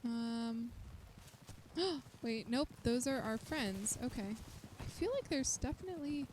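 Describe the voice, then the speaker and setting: A fairly high-voiced woman streams a shooter game, excitable and chatty as she talks to her viewers. She yelps and squeals during firefights. Loud gunfire and engine noise sit under her voice. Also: slow pace. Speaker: immunologist streamer. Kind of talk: live-streamed gameplay commentary.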